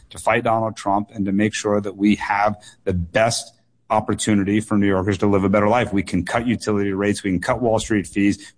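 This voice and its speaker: A political candidate answering questions on a call-in radio show, earnest and measured, often repeating words and pausing on fillers. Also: male voice, fairly low pitch. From United States.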